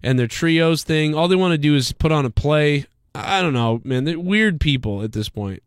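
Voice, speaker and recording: A man's voice: fairly high pitch, animated, normal speed, smooth, no echo. Man, livestream host, rambling and profane, dry close sound. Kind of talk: casual wrestling chat.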